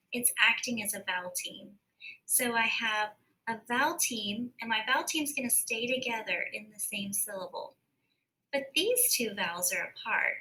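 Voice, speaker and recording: A woman teacher giving a recorded phonics lesson, slowly and carefully sounding out words. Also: fairly high pitch, pushed and bright, poor audio.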